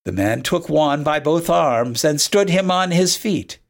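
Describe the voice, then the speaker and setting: A storybook narrator who reads a classic tale slowly and expressively. The pitch moves in a lively way, and the pace is unhurried throughout. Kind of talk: storybook reading.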